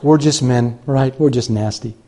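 An older man from Chicago, a pastor telling a self-mocking personal story in an animated storytelling sermon. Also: medium pitch, normal speed. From Chicago, USA.

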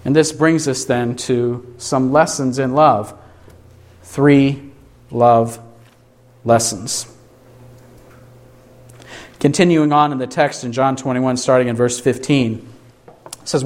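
A man preaching a sermon, asking his listeners rhetorical questions and answering them himself with emphatic, deliberate delivery. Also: medium pitch, steady tone.

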